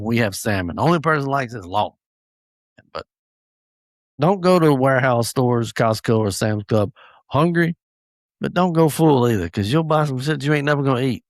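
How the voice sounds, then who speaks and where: A man's voice: medium pitch, no room sound, studio quality. Joking man, podcast host. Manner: chatty, joking, rambling with asides. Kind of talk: casual solo podcast monologue.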